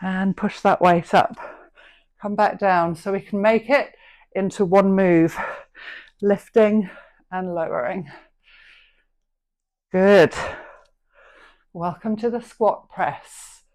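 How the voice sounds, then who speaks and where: This fitness instructor from England is a middle-aged woman whose mid-range voice is steady and darkish, with a slow pace and long pauses. She coaches an online dumbbell workout, encouraging people as she calls out reps and form tips. Her manner is practical and friendly as she talks them through each exercise.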